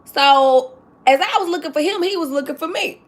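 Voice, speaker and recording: A woman's voice: sits high, normal speed. A woman who works at a school, telling an emotional story on a casual live stream, close to tears, talking straight to her chat and repeating herself. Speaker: livestream host telling a story.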